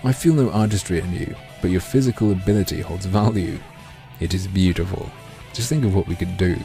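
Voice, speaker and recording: Ein Mann als schmieriger Fasan, leise und langsam. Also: male voice, low-pitched, creaky, soft background music. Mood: amused. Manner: slow, hushed, theatrically polite. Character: flamboyant creepy male pheasant artist, suave. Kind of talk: game dialogue read-aloud.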